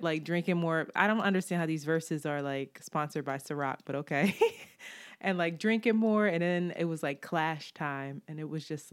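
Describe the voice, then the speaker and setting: A woman co-hosting a podcast, telling stories in a casual chat, animated and laughing often. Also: fairly low pitch, smooth, dry recording, studio quality. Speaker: podcast co-host.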